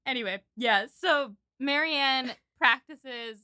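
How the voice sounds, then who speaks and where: Bright-voiced woman podcast co-host. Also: sits high, slow pace, dry recording, clean studio sound. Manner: animated, acts out characters' lines. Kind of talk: casual chat recapping a film.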